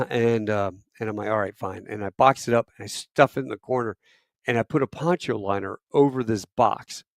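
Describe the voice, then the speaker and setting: A man in his fifties, a podcast guest telling a casual story, profane, with loud bursts and quiet asides. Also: medium pitch, moderate pace, no room sound, studio quality.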